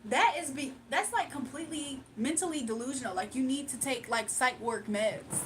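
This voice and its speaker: A woman with a high voice holds a loose, animated livestream chat. She talks in slang, drawls her words, mocks people and often breaks into laughter. Faint noise sits behind her. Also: normal speed, distant mic.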